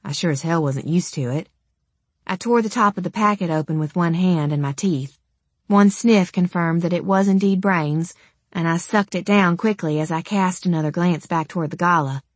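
A woman's voice: on the low side, moderate pace, no echo. A woman narrating an audiobook in the first person, in a wry, conversational and casually profane manner.

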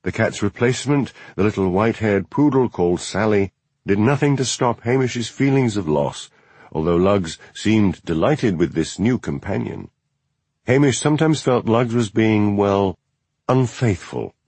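A man reads an audiobook in a husky, low voice with a lively, varied pitch. The delivery is measured and expressive, close and dry. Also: dry recording. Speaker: audiobook narrator. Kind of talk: scripted narration.

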